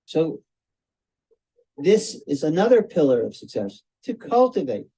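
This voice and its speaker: An older man giving a devotional talk to a group over a video call, telling stories slowly and circling back on his phrases. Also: fairly high pitch, big pitch swings, dark tone, slightly rough, poor audio. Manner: slow, storytelling, repeats and restarts phrases. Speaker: spiritual teacher.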